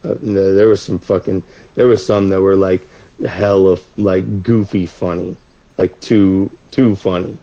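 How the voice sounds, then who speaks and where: A man's voice: low voice, level tone, a little slow, mellow, highs cut off. A man appearing as a guest rapper, talking in a rambling way with lots of restarts and swearing. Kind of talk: casual chat.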